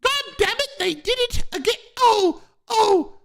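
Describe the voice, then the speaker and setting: A man's voice: extremely high pitch, lively intonation, a little slow, vocal fry, a bit bright, pitched above the performer's own voice, heavily acted. A man putting on a British accent to play an elderly queen who shrieks curses in outrage. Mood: outraged. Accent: put-on British. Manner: shrieking, profane outburst.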